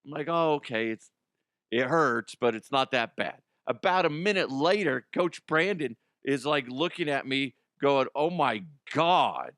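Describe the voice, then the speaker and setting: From a studio, a middle-aged man hosts a comedy sports show in a casual comedic monologue, joking at his own expense, laughing often and swearing freely. His smooth, resonant voice is medium-pitched, unhurried and fairly bright, recorded close and dry with no room echo.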